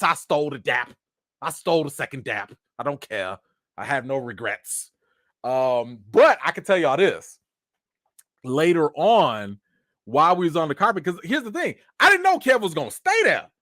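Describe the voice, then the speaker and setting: Male stream host, lively, self-mocking storyteller, slangy delivery, dry sound. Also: on the high side, moderate pace, dry recording. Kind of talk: casual storytelling.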